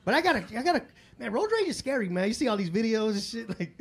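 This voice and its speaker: A man's voice: extremely high pitch, sing-song, quick pace, creaky, slightly rough. A man in his forties from Chicago doing a stand-up comedy set in a club, with loose, profane street talk full of fillers.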